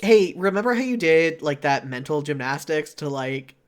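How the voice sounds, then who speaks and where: Male streamer reading game text aloud, fairly high voice, laughs and swears casually. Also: animated, moderate pace, clean tone. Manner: reads steadily, breaks into laughter and casual swearing.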